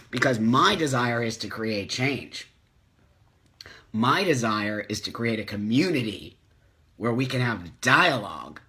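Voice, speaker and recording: Impassioned middle-aged man, husky voice. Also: medium pitch, bright, forceful tone. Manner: impassioned, emphatic repetition. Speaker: host. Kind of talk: live stream chat, reading comments.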